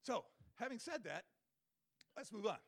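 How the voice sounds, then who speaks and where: A man telling a wildlife story to an audience in an animated way, acting out his own thoughts and the animals with big swings of voice. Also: high-pitched, normal speed, husky. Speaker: wildlife photographer giving a talk.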